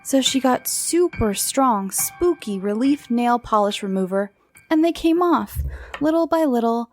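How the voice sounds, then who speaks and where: A woman hosts a children's program of creepy bedtime stories, speaking in a voice on the high side with lively intonation and a darkish color. She takes it slow and dramatic, slipping into whispers now and then over faint music.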